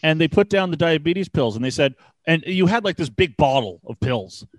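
A podcast host telling a story in a relaxed, profane way, jumping into the voices of the people in it. His voice sits a little high for a man. The sound is dry and close, with no room echo. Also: normal speed. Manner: animated, swears freely, acts out dialogue. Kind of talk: casual storytelling.

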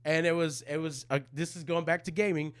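A man's voice: fairly high pitch, fairly even intonation, fairly quick, fairly bright tone. A man from Florida, a stand-up comedian guest, chatting casually and playfully on a podcast, often laughing and riffing. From Jacksonville, Florida. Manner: playful, laughing, trailing off into riffs.

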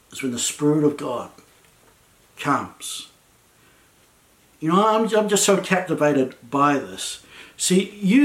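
Conversational male pastor, echoey room. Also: high-pitched. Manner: conversational, enthusiastic, frequent restarts. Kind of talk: sermon.

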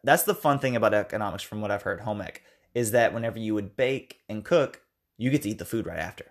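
A man's voice: on the low side, fast talker. An American man co-hosting a podcast, chatting loosely about a film, rambling and correcting himself as he acts out lines from it. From United States. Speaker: podcast co-host. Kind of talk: casual film review chat.

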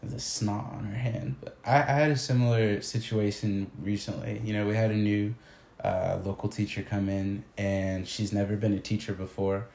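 Low mellow man in an echoey room. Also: flat delivery, normal speed, vocal fry. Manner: reflective, hesitant, restarting sentences. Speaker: teacher. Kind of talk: casual conversation. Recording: echoey room with faint noise.

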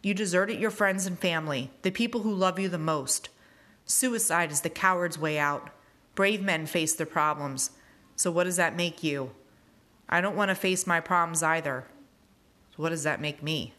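Woman reader as hurt teenage boy, accusing, a touch low in pitch. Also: normal speed, sharp tone. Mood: bitter. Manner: accusing, rhetorical questions. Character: angry hurt teenage boy, bitter and raw. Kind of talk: reading a novel aloud.

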